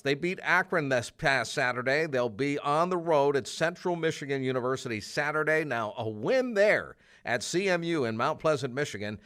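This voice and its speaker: A man hosting a college athletics show, chatting relaxed with fillers and restarts. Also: mid-range voice. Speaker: host. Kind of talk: casual interview and sports news roundup.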